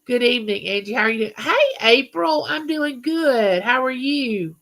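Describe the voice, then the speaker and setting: A woman's voice: on the high side, lively intonation, moderate pace, fairly bright tone. A middle-aged woman hosting a live chat, greeting viewers and reading their comments aloud. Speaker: livestream host.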